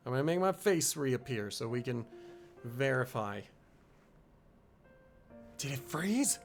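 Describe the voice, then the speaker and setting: A man's voice: medium pitch, expressive, slow, long pauses, soft background music. A man streaming a video game, chatting casually and thinking aloud. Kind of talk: casual live-stream commentary.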